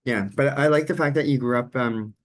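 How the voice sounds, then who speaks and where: A man's voice: mid-range voice, fairly quick. A man, a journalist and advocate, speaking frankly and openly on a video call, laughing easily. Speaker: journalist and advocate joining the meeting. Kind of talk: casual comment on a video call.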